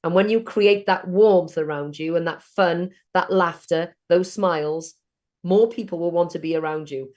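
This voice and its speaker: A woman's voice: on the low side, moderate pace, darkish tone. A middle-aged woman from South Wales, telling networking stories in a chatty way during an online training session. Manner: chatty storytelling.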